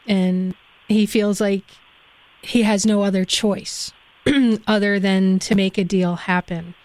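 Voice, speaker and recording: A woman's voice: mid-range voice, steady tone, slow, darkish tone, no echo. Woman hosting a dry-sounding radio show. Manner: engaged, conversational questioning. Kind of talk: radio interview.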